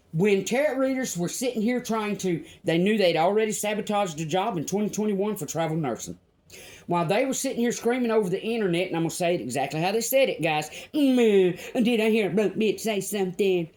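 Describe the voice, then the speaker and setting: An older woman from Louisiana ranting to camera as a vlogger, blunt, indignant and profane, with slow emphatic pauses. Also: fairly low pitch, darkish tone. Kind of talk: angry personal rant to camera.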